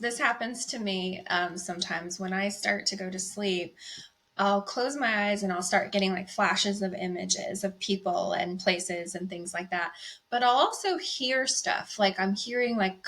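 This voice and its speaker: A woman's voice: medium pitch, a bit bright. A woman hosting a podcast interview, an eager, affirming listener who chimes in often. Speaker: podcast host. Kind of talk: casual interview chat.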